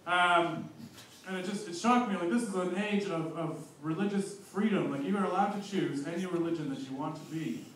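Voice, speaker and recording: A man's voice: high voice, moderate pace, a bit bright, a little hiss or hum. A man doing a stand-up comedy set on a club stage, rambling and self-mocking with plenty of fillers. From abroad, living in New Zealand a year. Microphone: handheld stage mic. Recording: roomy club sound from far off.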